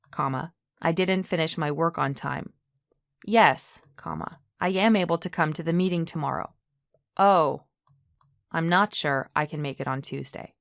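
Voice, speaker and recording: A woman with a low voice teaches English grammar online, working through examples one by one. She explains patiently and often pauses to check in with the viewer. Her voice sounds close and dry, with no room echo. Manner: clear, patient explaining with frequent "okay?" checks.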